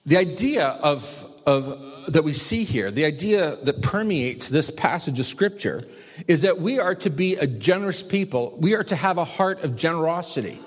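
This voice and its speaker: A man's voice: fairly high pitch, lively intonation, moderate pace. A male pastor preaching a sermon, raising his voice for emphatic commands and quoting scripture. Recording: long hall reverb.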